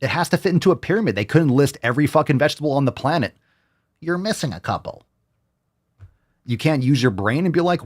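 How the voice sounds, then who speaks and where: A man's voice: fairly high pitch, lively intonation, quick pace, pauses often, no room sound, studio quality. A man hosting a fitness talk show, ranting crudely and heatedly with sarcastic mimicry. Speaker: host. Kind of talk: profane ranting commentary.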